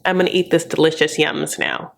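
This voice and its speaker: A woman hosting a reality TV recap in a sassy, campy, gossipy way, full of "honey" and "like", breaking into high mocking impressions. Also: steady tone, brisk, creaky. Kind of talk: casual comedic recap.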